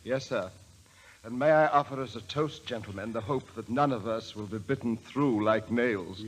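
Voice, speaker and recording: A man's voice: medium pitch, moderate pace, breathy edge, close to an everyday voice, poor audio. Man playing a prim manservant. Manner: stiffly polite, says sir constantly. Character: prim, formal middle-aged English manservant. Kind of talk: 1940s radio acting.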